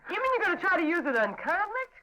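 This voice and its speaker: An actress playing a young woman in a 1950s radio drama, expressive and needling. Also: very high-pitched, fast talker, full character voice, low-quality recording. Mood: playful. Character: young woman, sharp, quick to tease and sulk.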